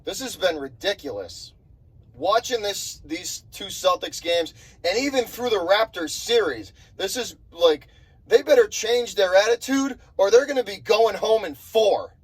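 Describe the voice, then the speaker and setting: This sports vlogger is a young man with a high-pitched, slightly rough voice and lively intonation, speaking a little slowly. He gives a fired-up rant about his basketball team, cursing and repeating himself out of frustration, and the recording quality is low.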